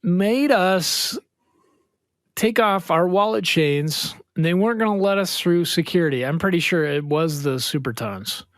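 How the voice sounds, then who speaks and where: Middle-aged male podcast co-host, slightly high voice, loose joking storyteller. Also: a little slow, dry recording, studio quality. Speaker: podcast co-host and touring musician. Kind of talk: casual chat. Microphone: remote recording over an online call.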